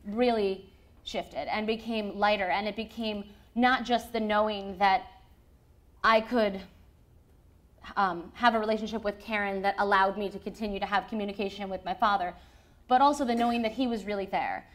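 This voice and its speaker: A woman in her thirties, a guest telling a personal story in a lively, animated way, often laughing. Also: mid-range voice, moderate pace. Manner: lively, acts out quoted voices, laughs often.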